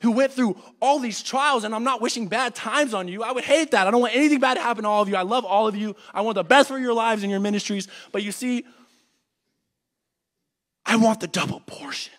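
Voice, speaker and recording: Young male teacher, higher-pitched voice, earnest sermon delivery that swings loud and soft. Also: brisk. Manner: earnest, swings between loud urging and hushed reflection. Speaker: church class teacher. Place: church classroom.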